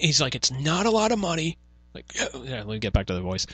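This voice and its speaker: A man's voice: a little high, sing-song, brisk, pushed and bright, husky, no echo. A young man hosting a podcast, telling a rambling, profane work story in casual chat. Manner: profane, rambling, many fillers. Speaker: podcast host.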